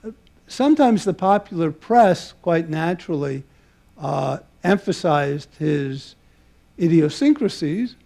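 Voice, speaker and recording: An older man gives a public talk, his slightly high voice carrying a gravelly edge and a dark, mellow tone. He reminisces at length, stopping often on filler sounds as he gathers his thoughts. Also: animated. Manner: halting, many filler pauses, warm reminiscing. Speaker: mathematician giving a public talk. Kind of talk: public lecture with personal anecdotes. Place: museum lecture hall before an audience.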